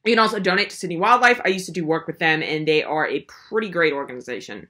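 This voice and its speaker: Sarcastic woman ranting with lively pitch. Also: quick pace. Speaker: video host. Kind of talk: comedic commentary.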